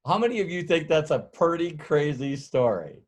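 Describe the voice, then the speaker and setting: A man's voice: a little high, sing-song, normal speed. Folksy rambling man telling a sales story. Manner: rambling, folksy, laughs often, acts out dialogue. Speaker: sales trainer. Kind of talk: storytelling sales training talk.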